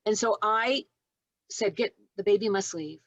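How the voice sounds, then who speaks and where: A woman in her sixties tells her stories at a mid-pitched, natural speaking level and acts out each exchange in between laughs. The sound is dry and close, slightly dull and muffled. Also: measured pace, no echo. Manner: animated storyteller who acts out dialogue and laughs often. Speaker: guest, nurse and doula. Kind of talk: storytelling in a podcast interview.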